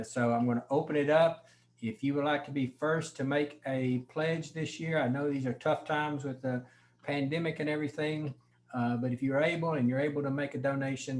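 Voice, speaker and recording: A man hosting a convention session over a video call, talking in a relaxed, informal way and often pausing with ums and you-knows. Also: mid-range voice, slight background noise. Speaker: host running a convention session. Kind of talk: casual meeting moderation.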